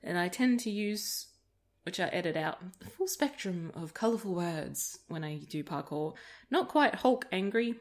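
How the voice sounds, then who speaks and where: A gaming video creator chats casually during a let's-play, rambling through anecdotes and laughing often. Her voice is fairly low and expressive, at a normal speed.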